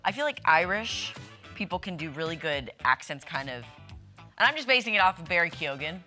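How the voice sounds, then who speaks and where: A woman co-hosting a casual chat segment on a local TV show, talking in a lively, chatty way. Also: fairly low pitch, a little fast. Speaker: TV show co-host. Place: TV studio. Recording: faint music behind.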